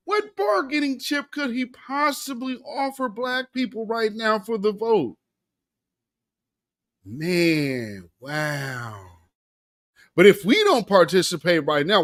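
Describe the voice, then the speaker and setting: A man with a high, lively voice that swings widely as he rants. He delivers a slangy, sarcastic commentary monologue with heavy emphasis, recorded close and dry. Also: no room sound. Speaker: commentary show host.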